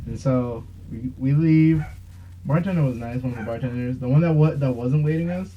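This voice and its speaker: A man's voice: medium pitch, fairly quick, slight background noise. A young man hosting a podcast, telling a long, rambling story in casual chat with plenty of swearing. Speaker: podcast host. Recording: dull lo-fi sound.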